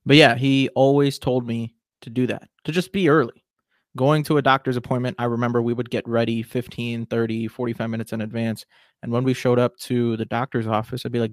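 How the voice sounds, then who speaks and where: A man's voice: medium pitch, flat delivery, fairly quick, no room sound, studio quality. A man in his twenties hosting a solo podcast, talking casually and with strong opinions. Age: 20s. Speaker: podcast host.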